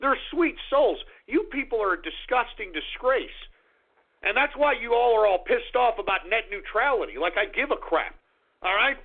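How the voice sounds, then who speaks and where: A male radio host delivering an abrasive, insulting, shouting rant on his talk show. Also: very high-pitched, expressive, moderate pace. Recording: tinny phone-line sound.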